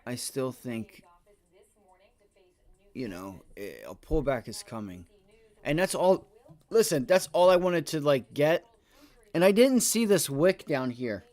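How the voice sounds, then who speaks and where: Speaking slowly with long pauses, this medium-pitched male day trader narrates his trades live on a stock stream. He is profane, excitable and rambling, swearing often.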